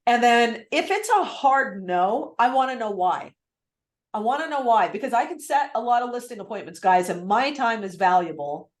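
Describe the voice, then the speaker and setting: A woman sales coach teaching on a live video call, lively and acting out phone script lines. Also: on the high side, normal speed, echoey room. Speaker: real estate sales coach.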